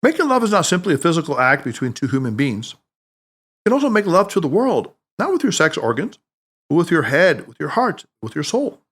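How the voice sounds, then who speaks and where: A man's voice: very animated, brisk, fairly bright tone, breathy edge, exaggerated voice. A man voicing a wise, playful older male mentor who teases and speaks emphatically. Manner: emphatic, teasing, booming laughter.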